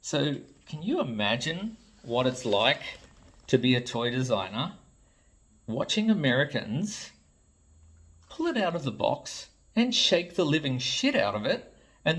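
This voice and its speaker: A man's voice: medium pitch, very animated, measured pace, a bit bright, breathy edge. An Australian man, a toy designer, ranting to camera in an exasperated, blunt way and swearing freely. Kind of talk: ranting vlog commentary.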